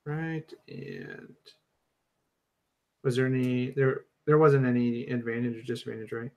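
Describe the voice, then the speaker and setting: Man player talking slow, lots of ums, narrating his character. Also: mid-range voice, very animated, creaky. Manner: hesitant, many ums and pauses. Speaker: tabletop game player. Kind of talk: casual tabletop play.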